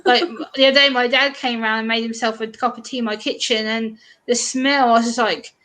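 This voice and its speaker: Woman, eastern English accent, casual live-stream chat, laughs a lot, fairly high pitch. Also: fairly even intonation, fairly quick, bright, forceful tone. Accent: English, eastern England. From England. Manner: chatty, laughs often, restarts sentences. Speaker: guest YouTuber.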